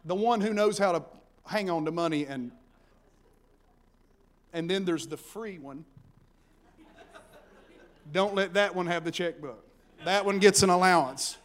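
High-voiced folksy preacher. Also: male voice, measured pace, long pauses. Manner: folksy, animated preaching with shouted peaks. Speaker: pastor. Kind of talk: sermon.

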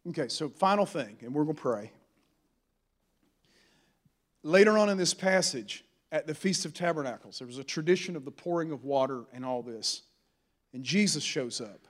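A man's voice: on the high side, animated, a little fast. A man preaching a sermon as a pastor, in a folksy, humorous style with building fervor.

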